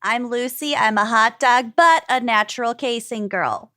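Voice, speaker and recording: A woman's voice: on the high side, moderate pace, sharp tone. A woman co-hosting a podcast in casual, upbeat chat. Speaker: podcast co-host.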